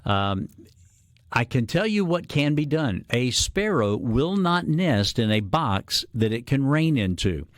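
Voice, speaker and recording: A man talks on a call-in radio show. He explains things at an unhurried pace, drops in a lot of "uh" fillers, and stays at an average pitch. His voice is close and dry on a studio microphone. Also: big pitch swings, dry recording. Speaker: radio guest host.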